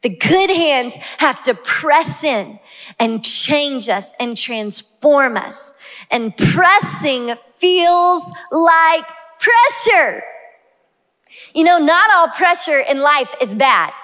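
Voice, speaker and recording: Female pastor, 30s, Southern US, fervent sermon delivery, bright high pitch. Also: lively intonation, drawn-out words. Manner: impassioned, rising to shouts on key lines. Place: large church sanctuary. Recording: long hall reverb.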